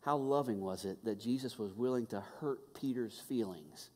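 A man preaching a sermon as pastor, telling the story with humor, quick asides and restarts. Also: medium pitch, darkish tone. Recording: long reverb of a large hall.

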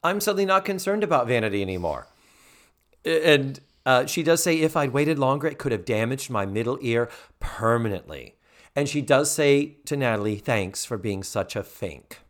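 A man's voice: medium pitch, animated, moderate pace, fairly bright tone. A man co-hosting a casual podcast, recapping a TV episode and acting out the characters' lines. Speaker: podcast co-host.

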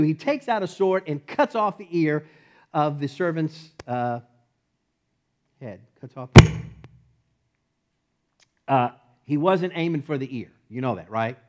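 A middle-aged man preaching a sermon as pastor, swinging from loud emphatic commands to soft, hushed lines and laughing often. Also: a little high.

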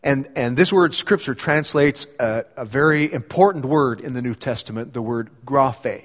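A man preaching a sermon as a pastor, explaining scripture with animated emphasis and voicing quoted lines with rising energy. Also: mid-range voice, moderate pace, in a large hall.

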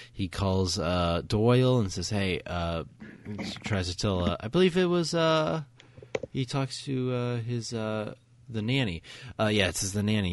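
A low-pitched man, recorded dry, co-hosts a casual film podcast. In this review chat he retells a scene with eager enthusiasm and plenty of fillers.

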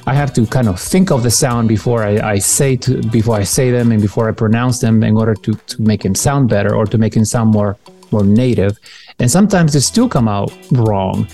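A man, a native Spanish speaker with a slight Spanish accent, in casual podcast chat, thoughtful and halting with many restarts. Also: fairly low pitch, dark tone, faint music behind. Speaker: podcast co-host.

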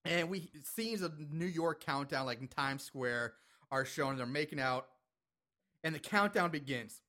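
This man's voice sits on the high side, moving a little slowly with a pushed, bright quality. In casual conversation with a co-host, he laughs his way through a rambling horror movie recap packed with fillers and the occasional curse.

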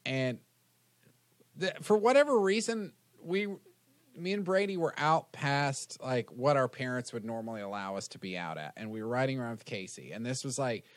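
A young man in casual chat, telling a story in a relaxed way. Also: medium pitch, no room sound.

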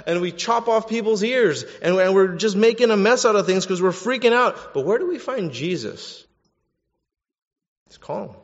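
A man preaching a sermon, animated, swinging between loud bursts and hushed stretches. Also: fairly high pitch, normal speed. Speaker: pastor. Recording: dull sound with long hall reverb.

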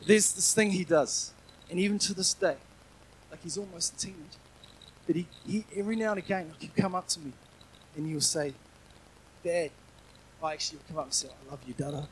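A middle-aged man gives a sermon in an earnest, chatty way, circling back and restarting his thoughts as he speaks. His voice sits a little higher than most men's. A faint hiss of room noise stays under him. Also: fairly quick, long pauses, low-quality recording. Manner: conversational, earnest, with frequent restarts and asides. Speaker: preacher.

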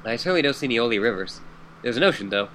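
Dude reading a smart-mouthed teen girl, dry and wordy, bright crisp voice. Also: mid-range voice, expressive, very fast, slight background noise, close to an everyday voice, low-quality recording. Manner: dry, verbose, ironic. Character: wry, wordy teenage girl.

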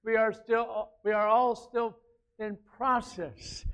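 A man's voice: high voice, flat delivery, slow, a bit bright, clear, resonant tone. A man preaching a conversational sermon, repeating phrases and rising to emphatic peaks. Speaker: pastor.

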